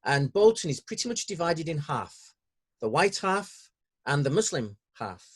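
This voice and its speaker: A man with a northern English accent hosting an interview podcast, talking in a hesitant way with many pauses and restarts. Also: fairly high pitch, very animated, husky. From northern England. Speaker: podcast host. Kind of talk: conversational interview.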